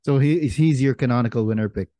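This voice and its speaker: A man's voice: mid-range voice, dark tone, dry recording. A man leading a casual panel podcast discussion, stammering and restarting his sentences. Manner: stammers and restarts, drawn-out phrasing.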